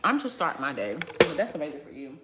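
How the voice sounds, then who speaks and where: A woman chats and rambles straight to her livestream viewers, her voice sitting on the low side. She is recording in a small salon that gives the sound a noticeable echo. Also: big pitch swings, fast talker, very noisy. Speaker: hairstylist and salon owner hosting a livestream. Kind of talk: casual livestream chat with viewers. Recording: echoey salon room.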